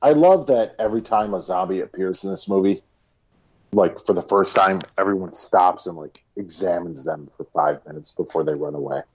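A man's voice: low voice, normal speed, slightly rough, highs cut off. A man co-hosting a casual podcast, incredulous and swearing as he laughs about a baffling movie. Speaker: podcast co-host. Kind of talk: casual movie review chat.

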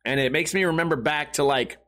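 A man's voice: a little high, fairly quick, bright, forceful tone. A young man rambling through a crude, self-mocking comedic monologue as a podcast host.

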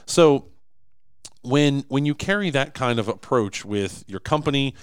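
A man's voice: medium pitch, measured pace, smooth, no echo, studio quality. A man co-hosting a casual podcast, talking emphatically with many restarts. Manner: animated, emphatic, frequent restarts. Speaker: podcast co-host, business owner.

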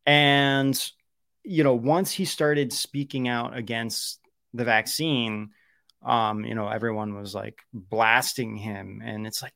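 Young male live-stream host, gravelly, dry close sound, rambling delivery. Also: medium pitch, steady tone, unhurried, fairly bright tone, no room sound. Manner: rambling, many fillers and restarts. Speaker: show host. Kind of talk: casual live-stream talk.

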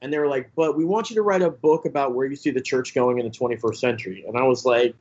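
A young man, a pastor and author, telling his story as a guest in a casual interview, animated, with many fillers and mimicked voices. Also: medium pitch, fast talker, slightly rough, dull audio. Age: young adult.

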